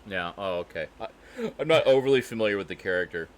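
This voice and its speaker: A man's voice: low voice, animated, fast talker. A man co-hosting a podcast in casual chat, enthusiastic and laughing often. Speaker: podcast co-host.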